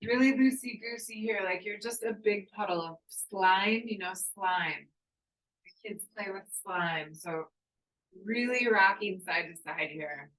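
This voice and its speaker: A woman yoga instructor guiding a breathwork class with calm, encouraging cues and slow counting. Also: medium pitch, echoey room, recorded from a distance, poor audio. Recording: voice from off the mic.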